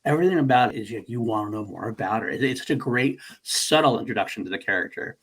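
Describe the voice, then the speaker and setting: A male podcast co-host with a lowish voice, lively intonation, and a somewhat bright, breathy quality talks quickly about movies. He's excited and wandering in his remarks, swearing and starting over mid-thought.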